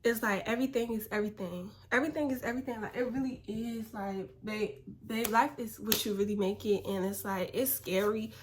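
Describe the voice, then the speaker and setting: Young woman, slightly high voice, relaxed, slangy, spiritual encouragement. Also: a little fast, hardly any pauses, slight background noise. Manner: laid-back, slangy, spiritual encouragement, calls viewers "baby". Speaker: vlogger. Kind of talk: casual motivational chat.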